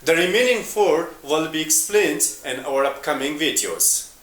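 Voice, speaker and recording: A man teaching an English lesson in a slow, deliberate way, repeating example words. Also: on the high side, expressive, a bit bright, echoey room.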